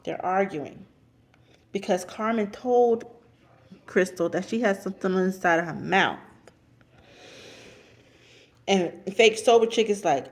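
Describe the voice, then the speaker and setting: A woman casually recapping a reality show episode, chatty and repeating herself for emphasis, and she steers clear of cursing. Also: medium pitch, lively intonation, measured pace, long pauses. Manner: avoids cursing.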